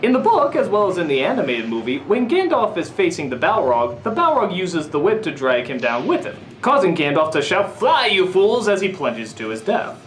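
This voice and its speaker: A man giving a comedic film review in the style of a famous critic, ranting and sarcastic, breaking into sudden high yells. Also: sing-song, brisk, few pauses. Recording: echoey room with faint music.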